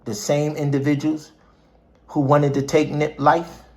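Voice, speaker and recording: A man's voice: a little high, little pitch movement, a little slow, darkish tone. Man preaching with repeated phrases. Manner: quotes scripture. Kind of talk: impassioned street speech.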